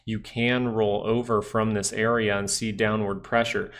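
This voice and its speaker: A young man with a nasal, gravelly voice gives loose, rambling commentary on stock charts during a live stream. His pitch sits a little low, and he talks to his viewers in a relaxed way. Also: normal speed. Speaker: stock market livestream host. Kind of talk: casual live market commentary.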